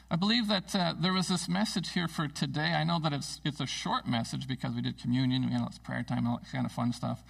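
Gravelly pastor giving a casual sermon. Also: male voice, on the high side, far from the mic, rough recording. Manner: conversational, self-deprecating, animated when telling stories. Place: church sanctuary.

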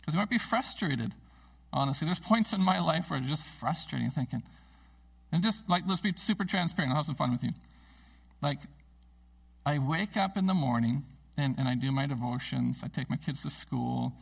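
Male pastor, middle-aged, conversational and animated, raspy voice recorded from far away in a church. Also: on the high side, moderate pace. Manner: conversational, self-deprecating, animated when telling stories. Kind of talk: casual sermon. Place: church sanctuary.

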